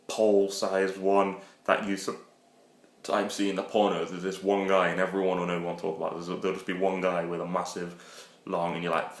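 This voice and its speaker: A man rambling through crude, joking dating advice in a casual comedic monologue. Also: low voice. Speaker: vlogger giving dating advice. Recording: echoey room.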